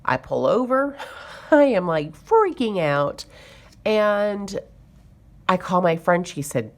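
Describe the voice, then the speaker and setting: A woman's voice: mid-range voice, sing-song, slow, long pauses. A woman chatting to camera as a budgeting vlogger, telling a story in a chatty, exasperated way. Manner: chatty, exasperated retelling with fillers. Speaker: budgeting YouTuber.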